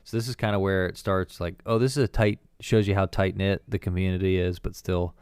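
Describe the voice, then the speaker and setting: A man's voice: low voice, fairly even intonation, darkish tone, clear, resonant tone, no room sound, clean studio sound. A young adult man co-hosting a podcast, chatting casually and jokingly about a movie. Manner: chatty, jokey, quick asides. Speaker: podcast co-host. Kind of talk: casual film discussion.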